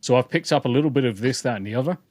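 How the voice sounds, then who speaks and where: A man co-hosting a podcast talks very fast and animatedly in a mid-range voice with a darkish tone, with no echo. He's from the English Midlands, has a mixed English accent that's partly southern, and rambles and jokes while reading comments, repeating words in casual chat.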